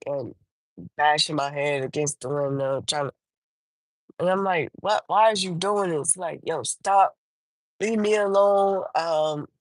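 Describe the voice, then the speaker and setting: In a rough recording with no room sound, a woman hosting a livestream gives a casual personal testimony. Her speech is halting and studded with restarts and fillers, and she plays out her own quoted lines in a raised voice.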